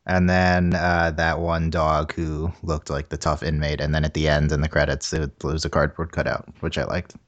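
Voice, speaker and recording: A man co-hosting a casual movie review chat, talking haltingly with dry humor and frequent laughs. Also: a bass voice, little pitch movement, lo-fi sound. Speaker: podcast co-host reviewing a movie.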